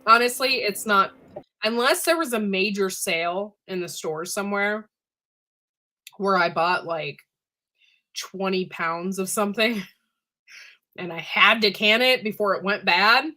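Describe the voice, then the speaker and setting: A woman co-hosting a casual live stream over a video call, chatty and quick to laugh, peppering her talk with "like" and "dude". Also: mid-range voice, bright, forceful tone. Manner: chewing while talking. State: recovering from illness. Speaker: co-host.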